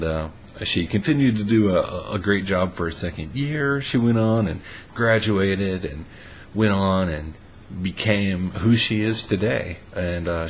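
A man casually telling a funny personal story, relaxed and amused, with frequent fillers. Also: lowish voice, a little hiss or hum. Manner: laid-back and amused, lots of "uh" fillers.

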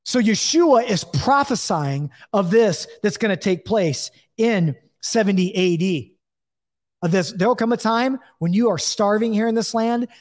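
A man's voice: sits high, lively intonation, a little slow, big-room sound. A man teaching a Bible lesson, reading scripture and explaining it in a conversational way, checking in with his listeners and acting out the voices he quotes.

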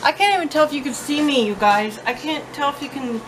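A woman filming herself at home, telling a story-time vlog in a chatty, animated, blunt way. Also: high voice, fast talker, slight background noise. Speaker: vlogger. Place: at home with her cats. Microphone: own phone or camera, self-filmed.

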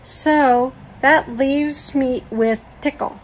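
A woman's voice: sits high, fairly even intonation, drawn-out words, slight background noise, poor audio. A woman beauty vlogger chatting casually and gushing while she shows off her makeup collection. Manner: chatty, gushing over products.

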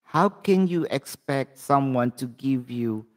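A man's voice: mid-range voice, lively intonation, takes it slowly. A man with a Filipino accent hosting a live tarot reading, speaking chatty and direct to his viewers. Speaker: tarot reader and channel host.

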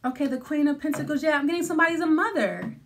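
High-voiced woman doing a tarot reading. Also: very fast, noisy background. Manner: thinking aloud, many restarts and fillers. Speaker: tarot reader.

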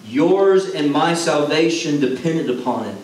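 A man's voice: fairly high pitch, lively intonation, measured pace, a little mellow. Earnest preaching man in an echoey hall. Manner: earnest, repeats phrases for emphasis. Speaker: former pastor. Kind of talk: sermon. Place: church sanctuary. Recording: echoey hall, from far off, faint noise.

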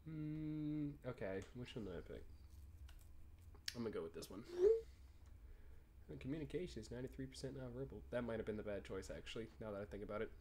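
A man's voice: mid-range voice, fairly quick, long pauses, darkish tone, a little hiss or hum. A twenty-year-old man giving casual, profanity-laced commentary on a game, reading the dialogue choices aloud. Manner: laid-back, swears freely, reads choices aloud. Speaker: gaming YouTuber.

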